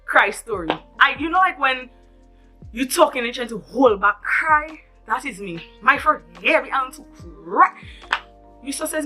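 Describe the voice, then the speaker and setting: Bright, animated woman vlogger. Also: high-pitched, a little slow, soft background music. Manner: animated, dramatic retelling with asides to viewers. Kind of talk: storytime vlog.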